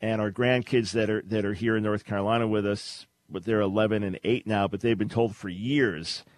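Older radio host, New York accent, sarcastic and chuckling, dry close sound. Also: male voice, fairly low pitch, fairly even intonation, fairly quick, no echo. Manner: sarcastic, laughs often while telling a story. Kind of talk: casual radio talk.

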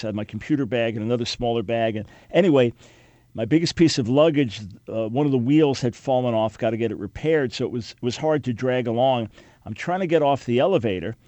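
A man's voice: medium pitch, a little mellow, dry recording. Male radio host, New York origin, earnest and emphatic, dry studio sound. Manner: earnest, emphatic, with repeated restarts. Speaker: radio talk show host. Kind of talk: radio talk show monologue.

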